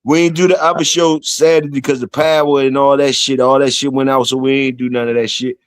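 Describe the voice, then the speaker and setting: A man's voice: mid-range voice, level tone, fast talker, clear, resonant tone, no echo. A man hosting a casual livestream, talking in slangy, profane, repetitive banter to his chat and guests. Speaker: livestream host.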